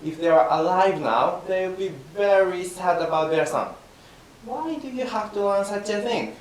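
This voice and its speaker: A man's voice: high-pitched, normal speed, distant mic, lightly acted. A man voicing an exasperated male friend who scolds and mocks his hapless companion, in rakugo storytelling. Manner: chiding, exasperated. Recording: very echoey room from afar, faint hiss.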